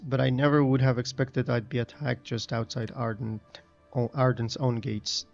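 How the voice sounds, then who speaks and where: A man reading the lines of a brisk female trinket merchant in a fantasy game, chatty and businesslike. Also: medium pitch, vocal fry, dull audio, close to an everyday voice.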